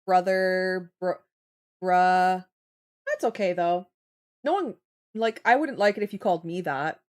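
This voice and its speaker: A woman's voice: on the low side, a little slow. Chatty woman streamer. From Canada. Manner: animated and chatty, laughs often, answers viewer comments. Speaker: livestreamer. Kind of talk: casual chat with live viewers.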